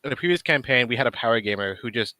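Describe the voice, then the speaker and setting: A man's voice: medium pitch, lively intonation, racing, bright, forceful tone, dry recording. A man hosting a casual stream, telling a rambling gaming story with many fillers. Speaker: stream host.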